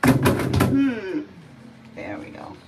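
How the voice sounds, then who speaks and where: A woman's voice: medium pitch, huge pitch swings, drawn-out words. A woman cat groomer giving a live grooming demonstration, talking to the cat in playful sing-song baby talk. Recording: loud background noise.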